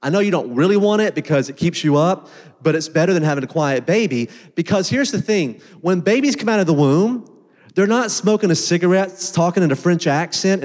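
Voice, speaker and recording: A man preaching a sermon in a casual, animated way, with quick asides and filler words. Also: a little high, big-room sound. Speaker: pastor.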